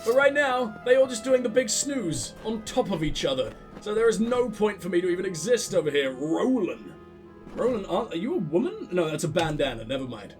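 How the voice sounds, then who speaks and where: A man's voice: high-pitched, big pitch swings, brisk, soft background music. A young man giving sarcastic, profane commentary while playing a game, mocking the characters. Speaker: let's play gamer.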